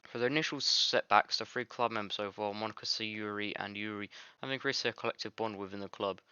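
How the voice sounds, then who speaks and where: A man's voice: on the low side, fairly even intonation, fairly quick, pushed and bright, clean tone, no echo, highs cut off. A man casually reading a visual novel aloud for a let's play, fumbling and self-mocking.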